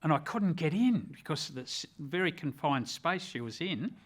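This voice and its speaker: Older Australian man, retired rescuer, earnest and measured storyteller. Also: fairly high pitch, animated. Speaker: retired rescue officer, ambulance chaplain. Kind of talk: personal storytelling.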